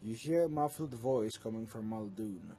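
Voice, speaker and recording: A man with a husky, mellow voice runs a tabletop game as game master. He narrates scenes and earnestly keeps the players focused, with faint music behind. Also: lowish voice, animated, normal speed.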